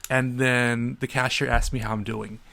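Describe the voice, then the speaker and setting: Gravelly-voiced man telling stories. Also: medium pitch, moderate pace. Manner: animated storyteller, acts out quoted people. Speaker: podcast co-host. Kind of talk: casual podcast chat.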